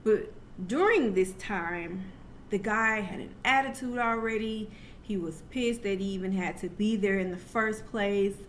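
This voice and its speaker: Young woman vlogging a story, super chatty, lots of asides and restarts, medium pitch. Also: a little hiss or hum. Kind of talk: casual personal storytelling.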